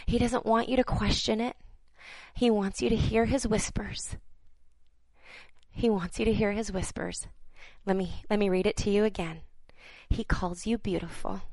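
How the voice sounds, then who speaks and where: A woman delivering prophetic words to viewers as a minister, earnest and halting, repeating phrases for emphasis and dropping into soft, near-whispered passages. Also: mid-range voice, dry recording, poor audio.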